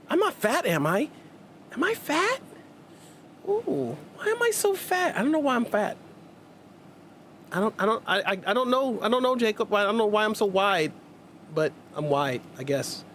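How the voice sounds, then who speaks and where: A man hosting a gaming livestream, chatting in an energetic, hyper and jokey way, rambling with many restarts. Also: sits high, slight background noise. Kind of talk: casual livestream chat.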